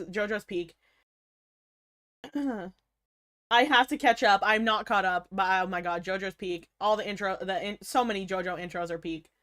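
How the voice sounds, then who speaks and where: A woman's voice: medium pitch, a bit bright. Woman, young adult, casual stream chat, mock-outraged, laughs a lot, swears. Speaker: livestreamer chatting with viewers.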